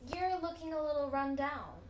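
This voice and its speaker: A teenage girl voicing a busy female cactus wren with a scratchy, brisk, dismissive way of talking. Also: high voice, big pitch swings, roomy sound, voice pushed up.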